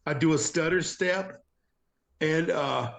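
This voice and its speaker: A man playing in a tabletop role-play game, describing his moves with excited restarts. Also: fairly high pitch, takes it slowly, creaky. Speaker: player.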